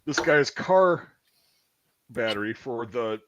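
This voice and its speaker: A man's voice: mid-range voice, animated, slow pace, muffled recording, a crowd in the background. A man in his thirties hosting a casual chat, telling stories with a rambling, profane manner. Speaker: podcast host.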